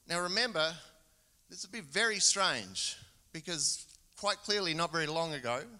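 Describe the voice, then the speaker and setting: A middle-aged Australian man delivers a guest sermon, retelling the story in an expressive, storytelling way and voicing the characters' lines. His voice is fairly high and very bright. The church gives his voice a long reverberant tail. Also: normal speed. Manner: expressive storytelling with acted-out quotes. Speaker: guest preacher.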